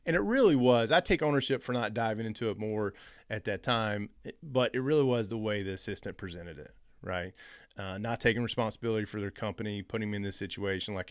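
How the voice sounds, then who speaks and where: Male host, low smooth voice, dry close sound, animated casual storyteller. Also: no echo. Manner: animated, re-enacts phone calls in quoted voices. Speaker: real estate investing host.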